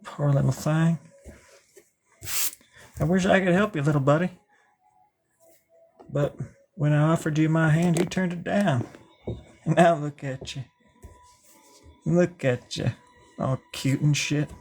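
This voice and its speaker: A man's voice: fairly high pitch, takes it slowly, vocal fry, pauses often, a little mellow, slightly rough. A man streaming live while drawing, chatting casually and rambling playfully through improvised mock newscaster and boss bits.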